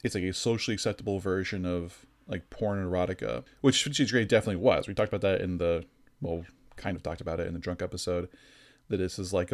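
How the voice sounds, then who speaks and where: Low-voiced man hosting a loose podcast. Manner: loose, rambling, peppered with "like". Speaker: podcast host. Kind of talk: casual podcast chat.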